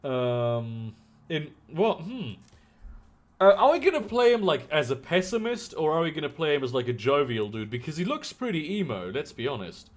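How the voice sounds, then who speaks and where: A man streams a story game, reading its text aloud and chatting as he thinks out loud. His voice is fairly high for a man and swings in pitch with a lively, animated lilt. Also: moderate pace.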